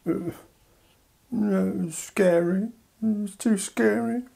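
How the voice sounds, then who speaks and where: Brief: man putting on a husky, whining brat of a country, stubborn and sulky, baby-talk refusals. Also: high voice, fairly even intonation, slow, dark tone, voice pushed up, heavily acted. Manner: whiny, repetitive, broken baby talk.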